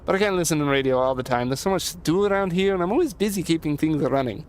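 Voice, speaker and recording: This man's take on a talkative dockworker from a game comes with a fake Irish accent and a folksy, eager habit of saying things twice. His high-ish voice is animated and racing, not far from how he normally sounds.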